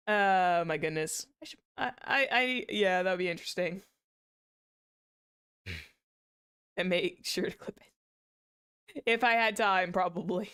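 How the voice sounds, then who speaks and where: A woman's voice: medium pitch, a bit bright, clean tone, no echo, clean studio sound. A young woman streamer chatting casually while playing a game, giggling and teasing herself. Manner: giggly, self-mocking, laughs often. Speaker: VTuber streamer.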